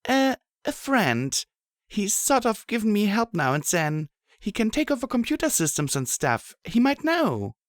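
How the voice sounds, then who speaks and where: A man's voice: sits high, big pitch swings, no room sound, studio quality, pitched above the performer's own voice. A man putting on a scrappy young mare. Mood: eager. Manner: eager, quick to shout and grin. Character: scrappy young mare pony, blunt wasteland survivor. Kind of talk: audiobook character voice.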